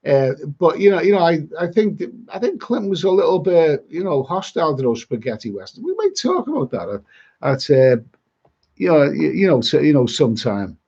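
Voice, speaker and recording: A middle-aged man from rambles through a casual live-stream chat, often repeating himself. His voice is a touch high and husky, heard through dull, lo-fi stream audio. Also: big pitch swings, a little fast, warm tone. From Liverpool, England. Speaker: travel vlogger reading live chat.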